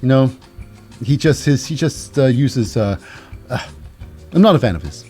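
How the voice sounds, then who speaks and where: A man's voice: medium pitch, lively intonation, moderate pace, a little mellow, soft background music. A man hosting a solo podcast, recapping in a rambling, wry way with many restarts. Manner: rambling, restarts, dry asides. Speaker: podcast host.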